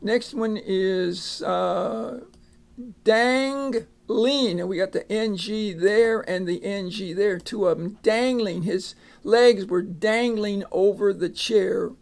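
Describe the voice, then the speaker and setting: A man's voice: high voice, steady tone, takes it slowly, vocal fry, hardly any pauses, darkish tone. A man teaching a phonics lesson, patiently sounding out words and repeating each one. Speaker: reading teacher.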